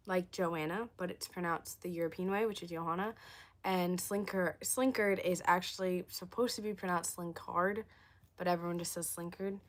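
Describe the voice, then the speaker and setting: A young woman chats loosely on her livestream. Her voice is going hoarse, and she keeps turning to address her viewers as y'all. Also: lowish voice. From southern United States. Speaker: livestream host. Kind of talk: casual livestream chat.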